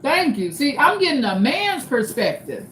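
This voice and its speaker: A woman's voice: high-pitched, very animated, moderate pace, fairly bright tone, a little hiss or hum. A middle-aged woman hosting a livestream, giving blunt, opinionated commentary straight to her viewers. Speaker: livestream host. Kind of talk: casual commentary.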